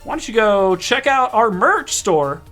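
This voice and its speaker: A man's voice: high-pitched, very animated, unhurried, sharp tone, soft background music. A man hosting a live online darts broadcast, introducing players and standings in a casual, joking way and often correcting himself mid-sentence. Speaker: league broadcast host.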